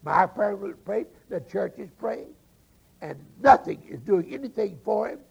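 A man telling a sermon story and briefly voicing an indignant churchgoing woman in his own gravelly, husky voice. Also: high voice, animated, a little slow, darkish tone, dull audio, pitched above the performer's own voice, full character voice. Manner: emphatic, listing grievances. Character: indignant churchgoing woman, frustrated with unanswered prayer.

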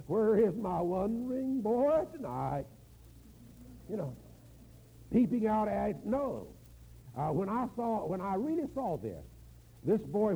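An older man preaching a sermon in a folksy, storytelling manner, drawing out words for emphasis, with a gravelly voice. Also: sits high, mellow, poor audio.

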